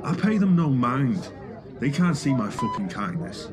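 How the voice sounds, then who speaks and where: A man's voice: medium pitch, very animated, measured pace, crowd noise, pitched above the performer's own voice. A man voicing a crude, touchy male television medium who bursts out indignantly and swears.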